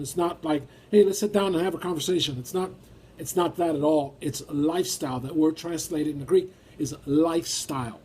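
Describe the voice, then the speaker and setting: A man's voice: on the high side, dark tone, breathy edge. A man preaching a sermon and reading scripture aloud in an emphatic way. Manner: emphatic, rises when acting out feelings.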